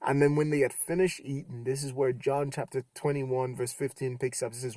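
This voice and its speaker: A young adult man giving a casual youth sermon, retelling scripture with animated quoted voices. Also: medium pitch, fairly quick, hardly any pauses, no echo. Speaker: youth pastor.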